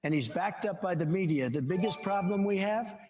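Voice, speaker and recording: Brisk and expressive, with a darkish tone and a voice a little higher than most men's, a man in his seventies fields town hall questions as an interview guest. He meanders through stories and brags along the way, with faint music in the background and a large hall's long reverb following his words.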